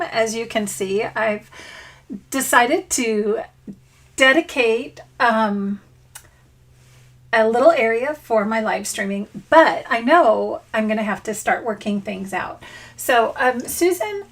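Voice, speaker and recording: A woman's voice: fairly high pitch, a bit bright. A middle-aged woman hosting a casual scrapbooking livestream from her home craft room, bubbly and chatty as she greets viewers by name.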